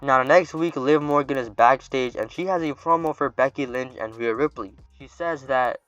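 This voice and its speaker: A man narrating casually in a bright, crisp voice and tossing in offhand asides. The recording is dull and lo-fi, with a dry, close sound. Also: mid-range voice, moderate pace, dry recording, faint music behind. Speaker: fantasy booking narrator.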